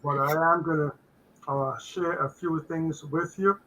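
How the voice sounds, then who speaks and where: Speaking over a video call, this older guest accountant discusses finance from a faith perspective. His raspy voice sits fairly high with fairly even intonation, and he stumbles along with frequent fillers and restarts while background noise runs underneath.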